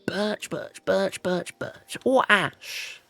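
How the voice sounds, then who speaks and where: A woman's voice: medium pitch, animated, very slow, gravelly, fairly bright tone, no echo. Brit lady chatting through a game, jokey and self-mocking, takes her time. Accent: British. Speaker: gaming channel host. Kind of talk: let's play commentary.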